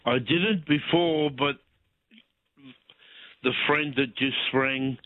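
A man calling in to a radio quiz, friendly and rambling with many pauses. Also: mid-range voice, no echo. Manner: friendly, rambling, lots of ums. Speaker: caller. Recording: tinny dry phone line.

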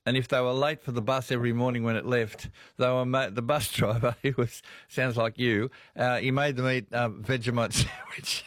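A man's voice: mid-range voice, fairly even intonation, moderate pace, few pauses, no room sound, studio quality. A man with an Australian accent hosting a radio show, telling rambling stories and chuckling as he talks with callers. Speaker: radio host. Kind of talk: casual radio chat.

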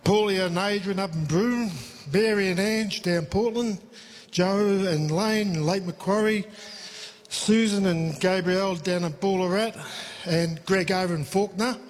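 A man's voice: sits high, unhurried. An Australian man thanking a radio host on behalf of his family, openly emotional. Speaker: listener at event. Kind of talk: heartfelt thanks.

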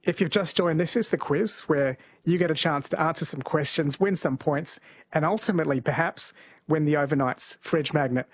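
A man hosting an overnight radio quiz in a gentle, chatty way, reading questions from a studio microphone. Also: fairly high pitch, moderate pace, breathy edge, no echo. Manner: gentle, chatty, laughs easily.

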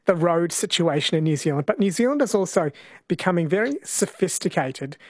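A man hosting a radio segment, asking brisk conversational questions. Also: high voice, expressive, no echo, clean studio sound. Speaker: radio host. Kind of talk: radio interview.

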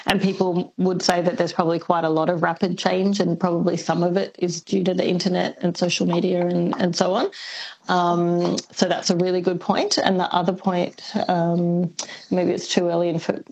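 A woman academic answering questions about accents as a radio guest, thoughtful and measured. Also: on the low side, level tone, a little mellow, poor audio. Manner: thoughtful, measured, many ums. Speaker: linguistics expert guest. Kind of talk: radio interview.

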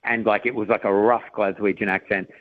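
A man's voice: fairly low pitch, steady tone, brisk, no echo, narrow, tinny audio. A male comedian, chatting and telling funny stories as a radio guest. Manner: chatty, storytelling, giggly. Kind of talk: casual radio interview chat.

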